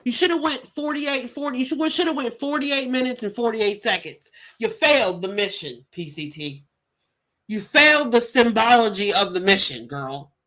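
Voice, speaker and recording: A woman's voice: a little high, lively intonation, moderate pace, a bit bright, poor audio. A woman streamer giving sassy, teasing casual commentary. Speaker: livestream commentator.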